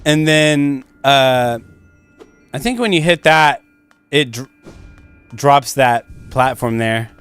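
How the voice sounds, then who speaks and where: A man's voice: mid-range voice, slow, long pauses, fairly bright tone, clear, resonant tone, soft background music. A young man streaming a game, rambling casually through commentary and swearing freely.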